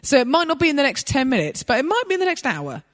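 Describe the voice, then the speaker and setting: A woman preaching a sermon, telling a personal story in an animated way and laughing as she goes. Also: high-pitched, rapid-fire, big-room sound.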